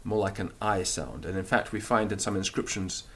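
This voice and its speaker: A man teaching a recorded grammar lesson, explaining and repeating words slowly so they can be drilled. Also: low voice. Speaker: language teacher.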